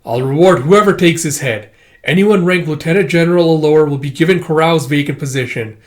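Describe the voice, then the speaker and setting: A man's voice: on the high side, voice pushed up, natural voice. Man reading as a pompous, ruthless emperor. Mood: imperious. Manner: pompous, commanding, sometimes slow and menacing. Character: arrogant ruthless male emperor, grand and cold.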